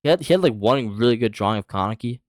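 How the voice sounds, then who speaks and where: A man's voice: medium pitch, animated, quick pace, darkish tone, no echo. A young man casually telling a storytime story to his viewers, slangy and profane, with lots of fillers.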